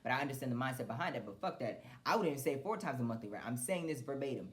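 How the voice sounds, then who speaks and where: A young woman with a notably low-pitched voice, hosting her own podcast. She talks in a loose, casual monologue, venting bluntly and passionately with plenty of swearing. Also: animated, very fast. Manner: blunt, profane, impassioned venting. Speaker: podcast host.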